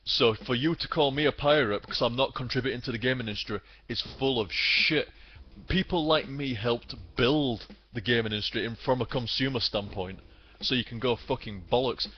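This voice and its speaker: A British gaming streamer in his twenties rants bluntly and swears a lot in casual commentary. His mid-range voice moves at a normal speed, and the lo-fi recording sounds slightly dull.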